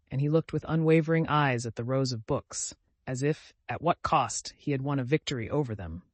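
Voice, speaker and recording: A man narrating an audiobook classic in a measured, even way. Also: medium pitch, no echo. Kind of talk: scripted narration.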